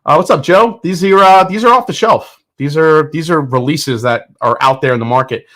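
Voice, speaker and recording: A man's voice: a little high, normal speed, fairly bright tone. A man hosting a casual livestream, chatting enthusiastically, reading viewer comments and thinking aloud. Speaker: host of a whiskey tasting livestream.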